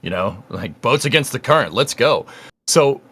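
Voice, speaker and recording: A man's voice: mid-range voice, lively intonation, moderate pace, a bit bright, slightly rough. A man hosting a casual livestream, upbeat and chatty, reading viewer messages aloud. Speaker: livestream host.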